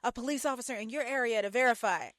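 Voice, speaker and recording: A pushy phone scammer who keeps pressing with insistent questions, as a young woman quotes him in her vlog. The voice stays fairly high and the sound is dry and close. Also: fast talker, fairly bright tone, no echo, natural voice.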